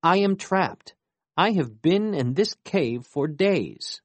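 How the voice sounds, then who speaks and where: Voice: medium pitch, animated, takes it slowly, dry recording, voice pushed up. A storyteller voicing a trapped woman who teases and knows more than the hero. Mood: weary. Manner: teasing, knowing. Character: mocking trapped woman in a giant's belly.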